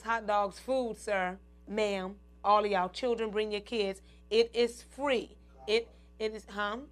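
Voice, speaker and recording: A woman hosting her own show, chatting casually to her viewers, addressing them as "y'all" and "ladies" and laughing often. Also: fairly high pitch. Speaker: show host.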